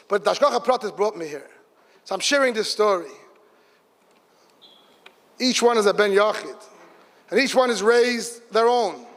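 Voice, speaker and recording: Middle-aged man, high-pitched, animated storyteller at a community gathering, reverberant hall. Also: normal speed, long pauses. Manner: lively storytelling, shifts into excited exclamations. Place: large event hall. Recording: long reverb of a big hall.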